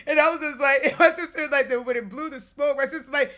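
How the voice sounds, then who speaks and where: A woman vlogger casually telling a lively, slangy story, cussing and breaking into laughter. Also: high voice, racing, few pauses. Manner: animated, slangy, cusses, laughs often.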